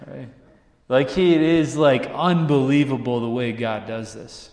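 A man preaching a sermon, telling a story with lively acted-out voices and asking the listeners rhetorical questions. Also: medium pitch, unhurried, long pauses. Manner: animated storytelling, acts out characters, asks rhetorical questions. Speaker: pastor. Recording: echoey room.

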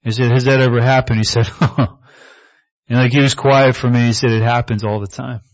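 A man preaching a sermon in a relaxed, conversational way, slipping in asides as he tells stories. His voice sits at an average pitch. The recording is slightly muffled and lo-fi. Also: normal speed. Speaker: pastor.

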